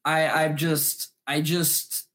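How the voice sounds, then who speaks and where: A man co-hosting a postgame sports podcast, breaking down plays in quick, animated analysis with some restarts. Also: fairly high pitch. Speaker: podcast co-host.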